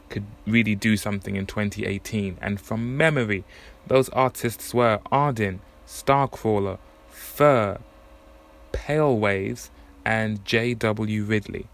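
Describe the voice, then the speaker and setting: Guy doing a solo music podcast, low gravelly voice, rambly and thinking out loud. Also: a little slow. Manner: conversational, thinking aloud with frequent self-corrections. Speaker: podcast host. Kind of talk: casual solo podcast monologue about new music.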